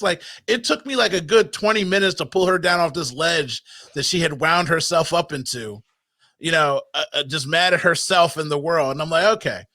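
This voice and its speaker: Guy hosting a video call chat, bright punchy voice, dry sound, tells stories animatedly. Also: on the high side, normal speed, no echo. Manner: animated storyteller. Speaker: host. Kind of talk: casual conversation.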